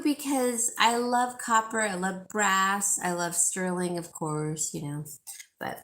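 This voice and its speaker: A woman's voice: medium pitch, slow pace, fairly bright tone. A woman hosting a live sale stream, chatting casually and reading viewer comments, rambling with fillers and restarts. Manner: gushing, repeats herself for emphasis.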